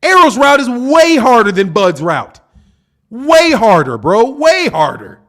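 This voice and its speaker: A man with a very high, lively voice that swings up and down as he rants. He speaks, argumentative and profane. He hammers his points home by repeating them. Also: a little slow. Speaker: boxing channel host. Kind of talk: heated opinion rant.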